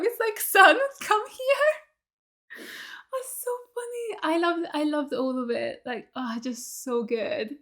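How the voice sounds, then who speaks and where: A young woman hosting a reaction video, talking casually and heatedly, swearing freely as she gushes and rants about a show. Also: fairly high pitch. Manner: heated, animated, swears freely, gushing fan.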